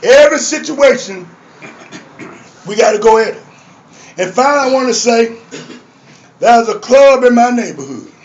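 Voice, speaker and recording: An older male activist, his voice very high with lively intonation, delivers a fiery rally speech from a community arts center stage, preaching with call-and-response to the audience. He speaks at a moderate pace with long pauses. It's a dull, lo-fi live recording with crowd sound.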